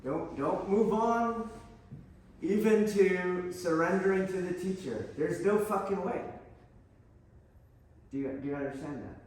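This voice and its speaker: A man's voice: high-pitched, normal speed, darkish tone. A man teaching an aikido class, blunt and profane, pressing his students with challenging questions. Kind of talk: mat-side teaching talk. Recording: very echoey hall, voice from far off.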